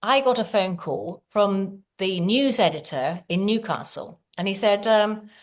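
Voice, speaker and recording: A woman's voice: mid-range voice, unhurried. Earnest middle-aged woman telling her story. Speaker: podcast guest. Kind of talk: casual storytelling.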